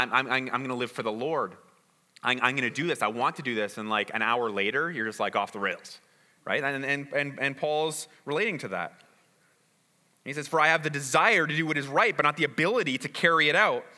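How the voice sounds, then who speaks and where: A man's voice: a little high, sharp tone. A man preaching a sermon in a conversational way, often repeating words and asking "right?". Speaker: pastor. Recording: reverberant hall.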